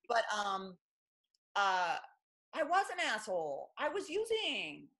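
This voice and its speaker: A woman's voice: medium pitch, wildly swooping pitch, slow, fairly bright tone. A middle-aged woman guest speaking bluntly and with self-mocking humor, acting out other people's lines in candid interview chat. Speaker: author and guest.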